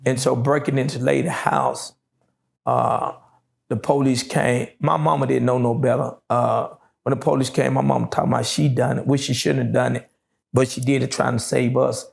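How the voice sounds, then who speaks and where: A middle-aged man telling his life story in an interview, slow and drawling with many fillers. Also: mid-range voice, little pitch movement, vocal fry. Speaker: interview guest.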